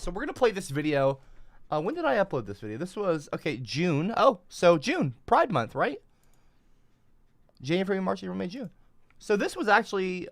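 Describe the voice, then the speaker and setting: A man rants casually on a livestream, rambling, defensive and quick to swear. His voice sits fairly high and swings widely, with a bright, sharp edge. The sound is close and dry. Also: dry recording.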